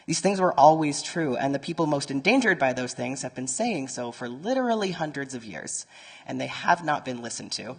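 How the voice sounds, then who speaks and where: A man's voice: mid-range voice, expressive, brisk, vocal fry, slightly rough. A man giving a conference talk to a live audience, speaking conversationally and turning to the room with nerdy asides. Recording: long reverb from a large conference hall.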